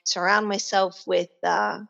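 A woman's voice: medium pitch, little pitch movement, unhurried, creaky, fairly bright tone, dull audio. A woman with a New York accent, chatting casually as a guest in an interview, laughing often and restarting her sentences. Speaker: guest entrepreneur.

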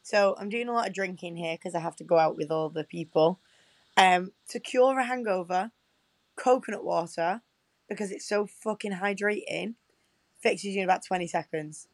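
A woman's voice: fairly low pitch, normal speed, no room sound. A young woman co-hosting a casual podcast, chatty and sweary, often laughing. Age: young adult. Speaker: podcast co-host.

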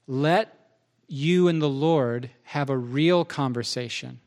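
A man's voice: mid-range voice, a little mellow. A man pastor preaching in a conversational way, acting out both sides of remembered dialogues. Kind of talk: sermon.

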